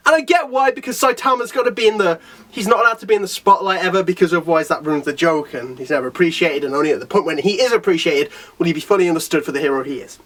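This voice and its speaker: Excited guy talking about a comic, pitch jumping all over, laughs a lot, bit off mic. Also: quick pace, recorded from a distance. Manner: animated, laughs often, quotes characters in little voices. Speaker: anime reviewer. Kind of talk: excited casual chat.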